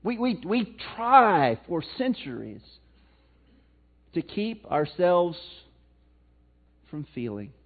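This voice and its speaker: A man with a Missouri accent preaching a sermon in a folksy way, swinging between loud emphatic lines and low, quiet ones. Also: big pitch swings, slow pace, long pauses. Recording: tinny phone-like sound, mic cutting out.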